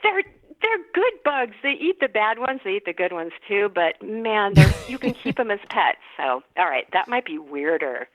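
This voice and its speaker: A middle-aged actress chatting as a podcast guest, telling stories and laughing often. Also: female voice, mid-range voice, sing-song, moderate pace, dry recording. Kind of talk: casual podcast chat. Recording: tinny phone-line sound, dry.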